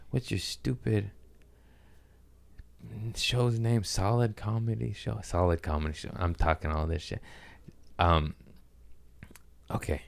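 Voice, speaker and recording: Low-voiced man rambling on a podcast. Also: vocal fry. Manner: rambling, profane, laughs at own jokes. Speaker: podcast host. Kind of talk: casual solo podcast chat.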